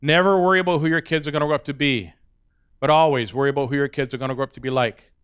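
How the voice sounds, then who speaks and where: A man doing a stand-up comedy set, an animated storyteller who laughs at his own jokes. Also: mid-range voice, very fast, smooth.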